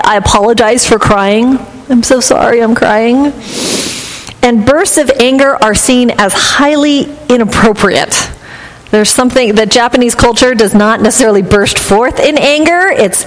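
A woman pastor reading scripture and preaching a sermon in a measured, earnest, reflective manner. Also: a little high. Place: church sanctuary. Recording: long hall reverb.

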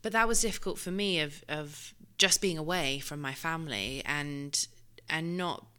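A woman with a low-pitched, bright and crisp voice and a British accent that now and then slides toward American. She talks in a chatty, conversational way, full of "you know" and "like", as she asks and answers in an interview. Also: moderate pace. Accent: British, shifting toward American. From Britain.

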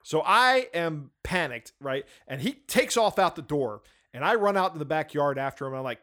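A man telling a funny story in casual chat, animated and acting out the shouts in it. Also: fairly high pitch, normal speed, hardly any pauses. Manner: animated, acts out shouts and voices in his story. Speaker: storyteller on a talk show.

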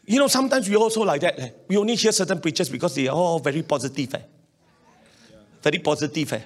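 A middle-aged pastor delivers a sermon quickly in a slightly high voice. He stresses his words, says things more than once, keeps prompting the congregation to respond, and chuckles often as he moves between points.

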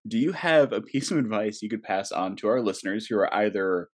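A woman hosting a podcast, asking relaxed questions and giggling along with her guest. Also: extremely low pitch, brisk. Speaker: podcast host. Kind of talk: casual podcast interview.

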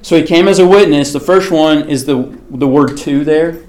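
A man's voice: a little high, moderate pace, darkish tone. Man teaching a casual Bible class. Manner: conversational, asks the class questions and answers them; frequent fillers like "okay" and "like".

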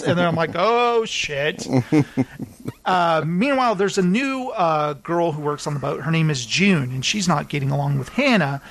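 A man hosting a casual chat show, recapping TV episodes with animated storytelling and acted-out quotes. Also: fairly high pitch, moderate pace. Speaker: podcast host.

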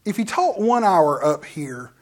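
Animated preacher. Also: medium pitch, a little slow. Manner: animated storytelling, often restarts mid-sentence; addresses the audience directly with asides. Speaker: minister. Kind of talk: sermon testimony to a congregation.

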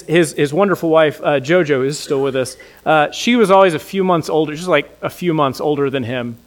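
A middle-aged man preaching an earnest sermon as a pastor, laughing at his own jokes and ending softly in prayer. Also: sits high.

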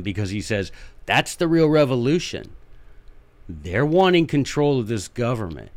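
A fired-up podcast host delivers impassioned political commentary on his own show, hammering his points and repeating them for emphasis. His pitch swoops and jumps, and his speech stays folksy and emphatic throughout.

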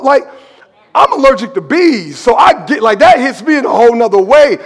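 A man preaching a sermon as pastor, storytelling with animated, shouted emphasis in a church sanctuary. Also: extremely high pitch, fairly quick. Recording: long reverb of a large church hall.

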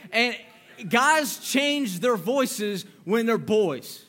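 A man's voice: very high-pitched, expressive, very slow, pushed and bright. A young man giving a youth sermon in a playful, joking way, acting out voices to make his point. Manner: playful, jokey, acts out voices. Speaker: youth pastor.

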